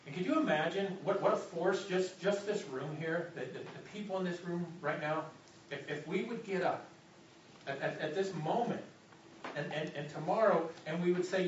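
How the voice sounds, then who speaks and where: A man's voice: high-pitched, normal speed, distant mic, slight background noise. Man preaching in an echoey hall. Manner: dynamic preaching, drops to a soft hush for God's voice. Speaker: pastor. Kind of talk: sermon. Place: church hall. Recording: echoey, muffled hall recording from afar.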